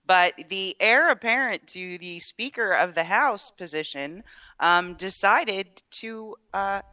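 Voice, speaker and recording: A woman's voice: medium pitch, expressive, takes it slowly, sharp tone, no echo. A woman co-hosting a political talk show, recapping news in a chatty, hedging way. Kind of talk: political chat.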